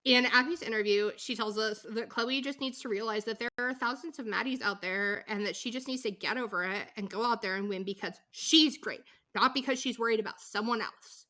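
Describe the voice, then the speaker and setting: A woman's voice: on the high side, fairly quick, sharp tone. A middle-aged woman co-hosting a casual podcast, telling the story animatedly with acted-out quotes. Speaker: podcast co-host.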